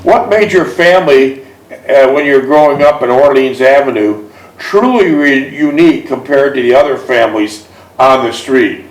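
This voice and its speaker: A man reads a memoir aloud at a steady pace and then turns to ask friendly, prompting questions. His voice sits in the middle range and sounds distant from the mic, in an echoey room. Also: medium pitch, moderate pace. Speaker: interviewer and host. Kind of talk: reading a memoir aloud and interviewing.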